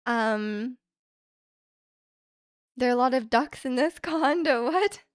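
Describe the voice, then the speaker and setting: Young woman, livestreamer, casual rambling chat, fairly high pitch, dry sound. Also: animated, slow pace, dry recording. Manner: rambling, chatty, with frequent fillers and light laughs. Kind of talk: casual chat reading out viewer comments. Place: at home.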